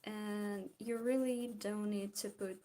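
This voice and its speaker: Warm in tone, with a mid-range voice, fairly even intonation and a slow pace, this Belarusian vlogger chats casually as she draws and handles live chat. She carries a Belarusian accent, her first language being Belarusian or Russian, and often restarts what she's saying.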